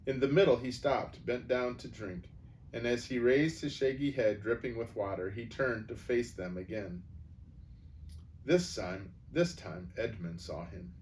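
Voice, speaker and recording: A man reading a children's novel aloud, expressive and changing his voice for the characters. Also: mid-range voice, a little slow, far from the mic, slight background noise. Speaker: storyteller.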